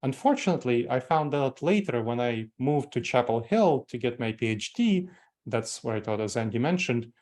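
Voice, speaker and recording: Speaking animatedly at a normal pace, a man in his forties uses a medium-pitched, slightly mellow voice with a Moldovan accent. He trains company employees, breaking things down step by step and repeating important terms.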